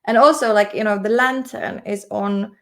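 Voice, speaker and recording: A woman's voice: mid-range voice, fairly even intonation, normal speed. A woman English teacher in a casual live-stream vocabulary lesson, chatty and laughing often. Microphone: desk camera mic on a makeshift stand.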